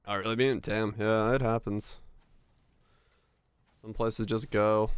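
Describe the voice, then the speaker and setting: A man's voice: lowish voice, flat delivery, slow pace, smooth, no room sound. Young man ranting casually, cursing freely. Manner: ranting, swears freely, chats with viewers. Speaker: streamer. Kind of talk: casual live-stream chat.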